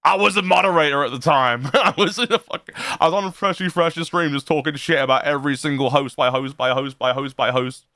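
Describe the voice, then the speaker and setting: A man's voice: fairly high pitch, brisk, few pauses, pushed and bright, no room sound. A man streaming, reacting to a clip in casual chat, laughing often and swearing freely. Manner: laughing often, profane, rambling.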